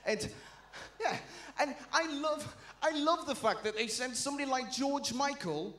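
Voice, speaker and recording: A man's voice: very high-pitched, expressive, bright, forceful tone, a little hiss or hum. Brash Geordie stand-up man. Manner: brash, bawdy, quick punchlines. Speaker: stand-up comedian. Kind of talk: stand-up routine. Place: comedy showcase stage. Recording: echoey venue.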